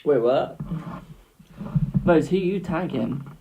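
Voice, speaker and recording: A man's voice: a little high, animated, slow pace, vocal fry, background noise. A young British man doing tarot readings on a live stream, chatting casually and calling viewers "my darling".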